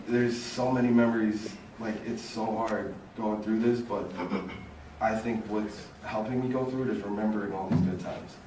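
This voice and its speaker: A young man giving an informal memorial speech as a fraternity brother, halting and full of fillers like "like" and "you know". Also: lowish voice. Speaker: eulogy speaker, fraternity brother. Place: large echoey hall at a memorial. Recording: echoey hall, distant voice, room noise.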